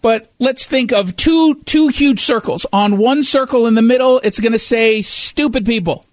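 A male talk show host with a very high voice, recorded bone-dry and close. He comments on the news in a sarcastic, mocking way and keeps a running commentary going. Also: moderate pace, no echo.

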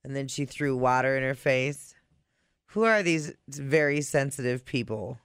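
A man's voice: medium pitch, measured pace, fairly bright tone, clean tone, dry recording. A man co-hosting a casual talk show, throwing in dry wisecracks. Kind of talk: casual banter.

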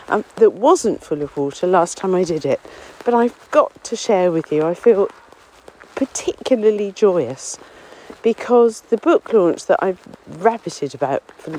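A woman's voice: medium pitch, warm tone, poor audio. A woman rambles cheerfully while walking through trees on a windy common, a little out of breath. She talks in a chatty, self-deprecating way, and faint outdoor noise sits behind her voice. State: slightly out of breath. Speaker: local author and podcast contributor. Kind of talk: casual spoken diary on a walk. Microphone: phone or portable recorder, no headphones.

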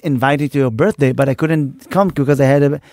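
A man's voice: medium pitch, a little fast, a little mellow, no echo, clean studio sound. A man with an Israeli accent, a native Hebrew speaker, co-hosting a podcast and teasing his guests in broken English. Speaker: podcast co-host. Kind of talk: casual chat.

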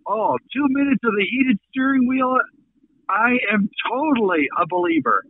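A man from Minnesota hosting a casual radio chat, telling stories with drawn-out emphasis. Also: extremely high pitch, lively intonation, dry recording. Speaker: radio host. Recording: phone-line sound.

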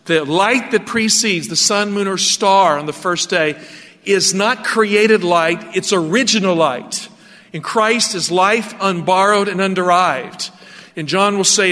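A man preaching a radio sermon in an animated, emphatic way, asking his listeners rhetorical questions. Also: high voice, a little slow, long reverb tail.

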